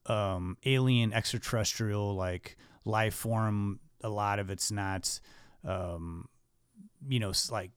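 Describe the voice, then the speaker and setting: A man hosting a casual film podcast, rambling with many fillers and restarts and trailing off quietly. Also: fairly low pitch, steady tone, slow, clear, resonant tone, no echo, clean studio sound. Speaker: podcast host.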